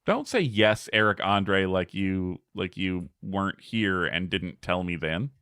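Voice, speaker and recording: A man's voice: low voice, expressive, unhurried, pushed and bright, smooth, no room sound, studio quality. A man giving casual gameplay commentary as a streamer, chatty, laughing often and talking back to his chat.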